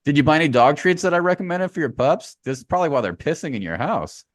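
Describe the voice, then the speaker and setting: A man's voice: on the high side, quick pace, dry recording. Loose, riffing podcast co-host man. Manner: loose, animated riffing with slang and swearing. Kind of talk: casual chat.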